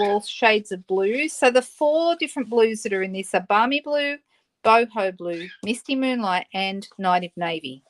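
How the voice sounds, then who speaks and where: Chatty Australian woman demonstrating crafts. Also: mid-range voice. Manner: chatty, answers viewer comments as she works; laughs often and apologizes playfully. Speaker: papercraft demonstrator hosting a live stream. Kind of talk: casual live-stream craft demonstration.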